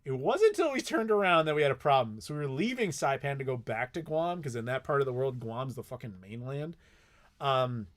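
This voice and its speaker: A man's voice: mid-range voice, a bit bright. A man casually answering viewer questions on a live stream, rambling and swearing freely with lots of filler words.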